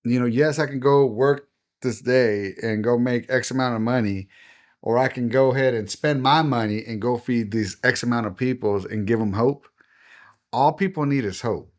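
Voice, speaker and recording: A man in casual conversation, talking with earnest, preacherly conviction like a pastor. His voice sits at an ordinary middle pitch. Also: normal speed. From United States. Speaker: pastor and guest.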